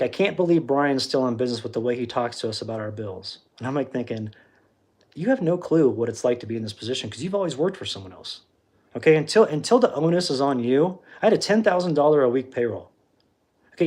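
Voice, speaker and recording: A man telling a story on a livestream in a casual, animated way, acting out the quoted exchanges with frequent restarts. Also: mid-range voice. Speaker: livestream host.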